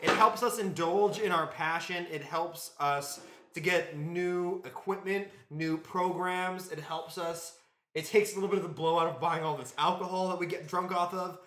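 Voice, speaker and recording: A man's voice: high-pitched, fairly even intonation, normal speed, sharp tone, reverberant. A man co-hosting a podcast, chatting casually, often restarting his sentences in an earnest way. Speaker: podcast co-host. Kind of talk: casual group chat.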